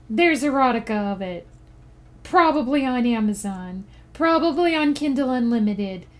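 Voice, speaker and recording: A woman streamer chatting casually with her live chat, reacting to messages and laughing often. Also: high-pitched. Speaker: streamer and writer.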